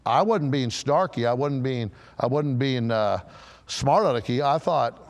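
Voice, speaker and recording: In a large church hall, a pastor delivers an animated sermon, posing questions to the congregation and building toward forceful emphasis. His voice is male, medium in pitch, and a little slow.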